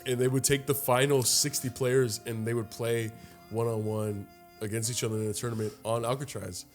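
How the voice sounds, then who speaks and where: A young man co-hosting a podcast, telling a long story in a casual, profane, animated way and acting out the other people's lines. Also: mid-range voice, normal speed, faint music behind. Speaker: podcast co-host. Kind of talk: casual chat.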